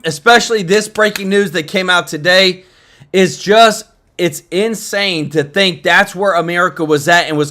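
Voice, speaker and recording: A man's voice: sits high, bright, forceful tone. A young man hosting political reaction commentary, fired up and talking straight to his viewers.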